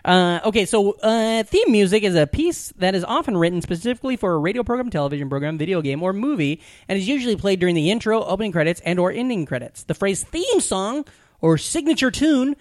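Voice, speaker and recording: Guy cohosting a podcast, swears a lot, kinda high voice, super dry sound. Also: fast talker, no echo. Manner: animated, profane, joking. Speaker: podcast co-host. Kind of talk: casual podcast banter.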